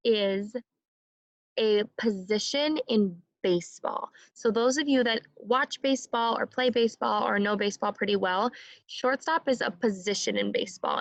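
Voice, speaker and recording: A woman teaching a phonics lesson to young children, speaking slowly and clearly and modeling sounds for the class to repeat. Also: mid-range voice, a bit bright, dry recording, dull audio.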